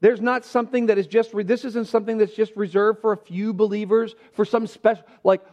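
A man preaching a sermon, reading scripture aloud and stressing key words with shifting pace and loudness. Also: high-pitched, fairly even intonation, highs cut off. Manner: emphatic preaching with pauses, varied pace and loudness. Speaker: pastor.

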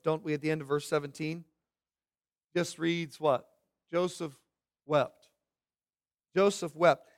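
A pastor preaching a sermon in a lively, conversational way, asking the congregation questions and acting out what people say. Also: male voice, high-pitched. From York County.

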